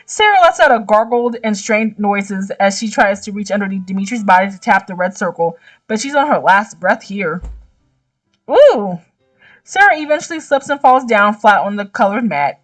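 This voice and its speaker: A young woman gaming YouTuber reading a visual novel aloud, breaking off with slangy, animated reactions. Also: medium pitch, normal speed, recorded from a distance, soft background music.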